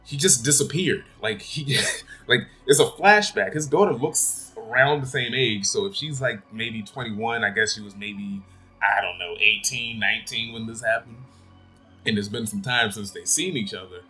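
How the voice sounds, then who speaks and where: A man's voice: mid-range voice, normal speed, pushed and bright, faint music behind. A man giving a casual spoken film review, rambling and blunt, swearing freely. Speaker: movie reviewer.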